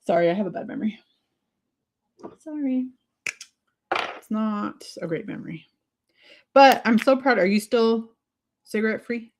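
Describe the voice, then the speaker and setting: A woman hosting a casual livestream, chatty and excitable, laughing often as she answers viewer comments. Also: a little high, a little slow, long pauses. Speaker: livestream host.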